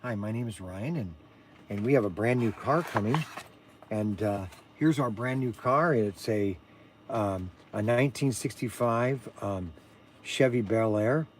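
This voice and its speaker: A man imitating his son as a bland, monotone young man who talks with no emotion. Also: unhurried, a little hiss or hum, natural voice. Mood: deadpan. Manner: flat, emotionless, low and quiet.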